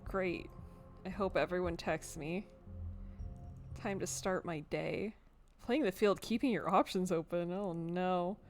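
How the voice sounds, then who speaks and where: A woman's voice: fairly low pitch, unhurried, soft background music. A woman streaming a story game live, reading choices and making playful, giggly asides.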